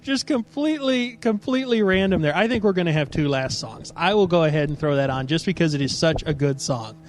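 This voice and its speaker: A man's voice: on the high side, lively intonation, a little fast. Tired jokey male stream host. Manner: jokey, addresses the audience. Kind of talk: casual live-stream chat.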